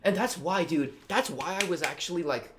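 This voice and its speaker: A man's voice: fairly high pitch, moderate pace, noisy background. A young man hosting a reaction video, talking in a rambling, slangy way with lots of fillers. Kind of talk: casual reaction commentary.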